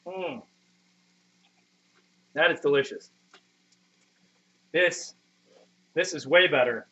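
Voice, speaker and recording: A man's voice: on the high side, a little slow, pauses often, bright, forceful tone. A man in his thirties live-streaming from a home kitchen, chatting with viewers in a rambling, profane, self-deprecating way. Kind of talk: casual live-stream chat. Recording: muffled lo-fi stream audio.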